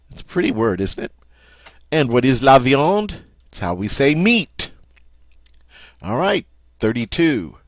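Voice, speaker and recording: A man teaching French vocabulary in a slow, patient way, saying each word twice and then explaining it. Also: mid-range voice, big pitch swings, no room sound. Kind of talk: vocabulary lesson.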